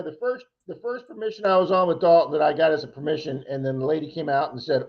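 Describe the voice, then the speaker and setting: Talking fast with few pauses, a man whose voice is on the high side co-hosts a casual livestream chat, telling rambling stories and acting out other people's lines. The stream audio is dull and lo-fi.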